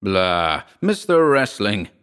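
A man's voice: on the low side, very animated, slow pace, fairly bright tone, smooth, heavily acted. A man reading a story aloud and voicing a dismissive male party guest who scoffs at everything. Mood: scoffing.

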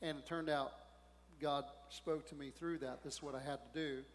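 A male pastor preaches in a conversational, animated way, frequently putting questions to the congregation. His voice is on the high side at a moderate pace, and the recording has long hall reverb.

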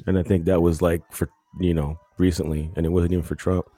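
Low dark-voiced dude on a podcast, blunt and jokey, dry close mic. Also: male voice, level tone, fast talker, no room sound. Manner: blunt, mocking, laid-back. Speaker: podcast co-host. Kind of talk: casual chat.

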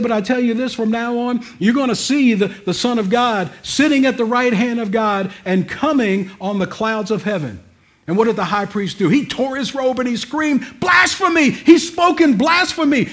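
High-voiced man preaching a sermon. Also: moderate pace. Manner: emphatic, swings from loud to hushed, asks congregation for amens.

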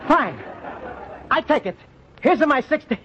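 A man's voice: extremely high pitch, animated, a little slow, fairly bright tone, heavily acted. An actor playing a naive, earnest Italian immigrant man with an Italian accent, speaking polite, broken English in 1940s radio acting. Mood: earnest, worried. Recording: dull lo-fi old radio recording with hiss.

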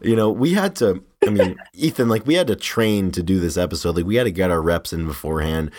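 A man co-hosting a podcast, chatting casually about a film, animated and laughing often as he quotes lines in a raised voice. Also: low voice, fast, slight background noise. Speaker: podcast co-host. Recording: studio mic.

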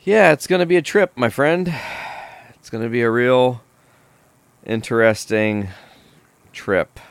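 A young adult man hosting a podcast, telling stories in a casual, profane, animated way. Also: mid-range voice, measured pace, gravelly, clear, resonant tone, no echo. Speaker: podcast host. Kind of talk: casual podcast chat, storytelling.

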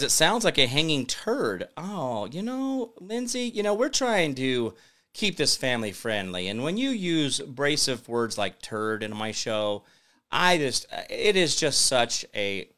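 A man's voice: mid-range voice, a bit bright. A man hosting a casual political commentary livestream, rambling and sarcastic as he reads viewer comments aloud. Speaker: talk show host.

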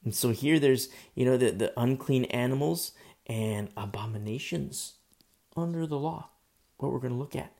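A pastor giving a conversational sermon, reading scripture aloud and explaining it, with frequent "you know" fillers. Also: male voice, medium pitch, normal speed, gravelly, a little mellow. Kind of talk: expository sermon.

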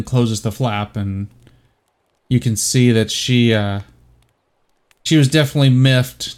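A man's voice: mid-range voice, smooth. A man narrating as game master of an online tabletop game, rambling and hesitant.

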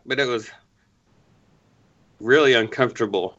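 A man with a fairly low but bright, forceful voice tells an animated anecdote, chuckling along. The audio is slightly dull and lo-fi. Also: moderate pace, pauses often. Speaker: podcast co-host. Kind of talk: casual storytelling.

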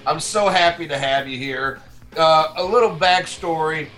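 High, bright enthusiastic co-host man. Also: normal speed. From New Orleans, USA. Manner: rambling, enthusiastic, with many fillers. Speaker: podcast co-host. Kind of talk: casual podcast banter.

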